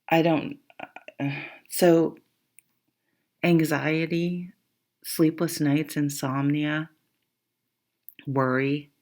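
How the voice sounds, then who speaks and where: A woman's voice: low voice, fairly even intonation, drawn-out words, pauses often, darkish tone. A tired woman giving a casual tarot reading, rambling and thinking aloud with many fillers, laughing and swearing easily. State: tired, yawning. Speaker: tarot reader.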